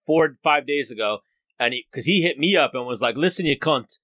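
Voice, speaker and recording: A man's voice: mid-range voice, animated, brisk, sharp tone, no echo. A man co-hosting a podcast, laid-back, reading out fight stats in casual chat.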